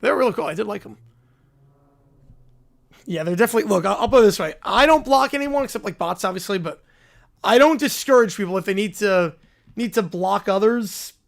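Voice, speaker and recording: A man with a notably high voice hosts a live reaction stream, talking loosely to his viewers. He circles back and restates his points, with plenty of restarts. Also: expressive, brisk, vocal fry, long pauses. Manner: rambling, repeats himself with restarts. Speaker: livestream host. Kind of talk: casual live reaction chat.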